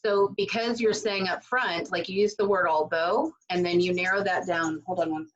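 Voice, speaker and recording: A woman's voice: lowish voice, steady tone, moderate pace. Chatty woman teaching writing, lo-fi. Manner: loose and conversational, with many fillers and asides. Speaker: writing instructor. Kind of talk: casual recorded lecture. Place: at home.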